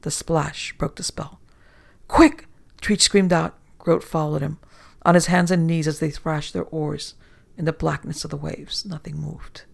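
A man narrating a horror story dramatically, dropping into hushed whispers for suspense. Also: on the high side, little pitch movement, normal speed, creaky.

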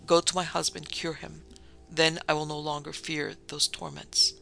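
This is a man reading a desperate noblewoman who begs in formal, tragic phrases, as in a gothic storybook. The voice is bright and gravelly, fairly high, and kept level in pitch. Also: level tone, moderate pace, soft background music, exaggerated voice. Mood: pleading. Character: anguished noblewoman pleading with her old love.

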